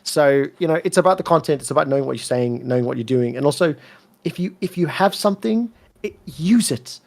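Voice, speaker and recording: Emphatic man with a soft South African accent. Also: fairly high pitch, lively intonation, fairly quick, vocal fry. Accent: soft South African, mixed with British and American. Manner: emphatic, swears freely, repeats words when fired up. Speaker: esports commentator, interview guest. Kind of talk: candid interview storytelling.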